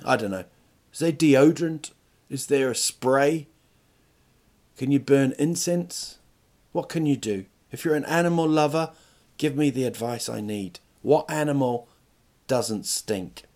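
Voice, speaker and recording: This podcast host, a man with a medium-pitched, darkish voice, rambles through a comedic solo monologue. He jokes, swears plenty, and keeps breaking off to restart.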